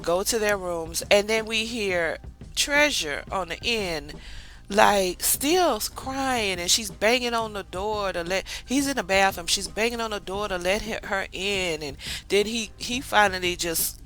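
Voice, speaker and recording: A woman reviewing a reality TV show in a casual, chatty way. She tells the story with animated asides and acts out what people said. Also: medium pitch, unhurried, poor audio. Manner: drawling colloquial speech, calls the viewer 'child'. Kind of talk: casual recap vlog.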